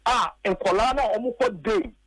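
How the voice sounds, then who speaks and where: A high-pitched Ghanaian man talking politics on a radio show, argumentative and insistent, circling back to repeat his points. The sound is dry and close, with no room around it. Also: sing-song, moderate pace, gravelly, fairly bright tone, dry recording, low-quality recording. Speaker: political commentator.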